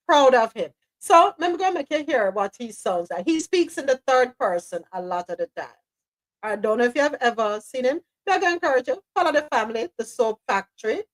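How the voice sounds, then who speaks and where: A Jamaican woman hosts a live talk show, giving casual commentary in an animated, emphatic style and now and then slipping into patois. Her voice is fairly high, and the recording is rough.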